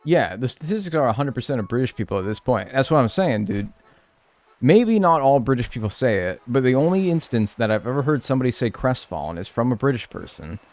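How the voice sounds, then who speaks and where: A man's voice: mid-range voice, big pitch swings, brisk, darkish tone. An American man chatting casually on a live stream while playing a game, joking with his chat and swearing freely.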